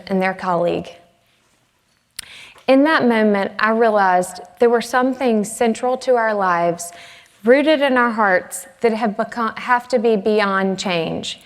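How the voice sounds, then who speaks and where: A middle-aged woman from the American South telling a personal story from a conference stage, earnest and measured. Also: medium pitch, big-room sound. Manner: earnest, measured, emotional retelling. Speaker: conference speaker. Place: conference stage in a large hall.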